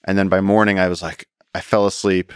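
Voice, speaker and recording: A man speaking as a podcast guest, a conservationist and explorer, telling stories in an animated, casual way and often repeating words as he goes. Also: sits low, a little fast, clean tone, no echo, studio quality. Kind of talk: casual storytelling conversation.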